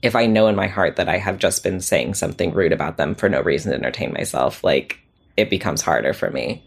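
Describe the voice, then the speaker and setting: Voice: deep voice, brisk, vocal fry, slightly rough. A podcast guest chatting casually, self-deprecating and laughing often. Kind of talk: casual chat.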